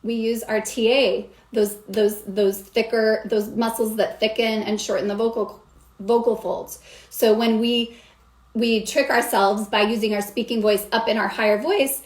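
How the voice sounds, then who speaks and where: A woman's voice: a little high, steady tone, a little slow. A woman vocal coach explaining singing technique in an upbeat way, stopping to demonstrate sounds as she goes. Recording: echoey room.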